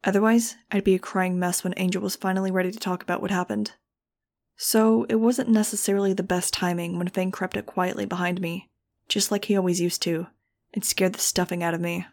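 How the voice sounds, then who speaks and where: A woman narrating a novel in the first person with a steady, earnest reading. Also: lowish voice, brisk. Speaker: audiobook reader.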